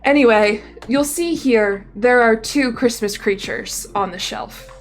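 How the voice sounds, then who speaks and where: With faint music in the background, a young streamer talks in an unhurried, fairly high voice. Her casual chatter wanders, packed with fillers and restarts.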